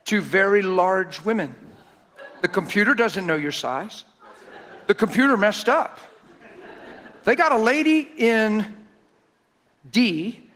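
A man preaching a sermon through folksy, animated personal stories. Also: sits high, takes it slowly, pauses often. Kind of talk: storytelling sermon.

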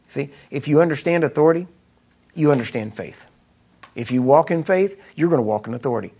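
Husky-voiced man preaching a sermon. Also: fairly high pitch, expressive, fairly quick, dark tone. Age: adult with children. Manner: conversational preaching, rhetorical questions.

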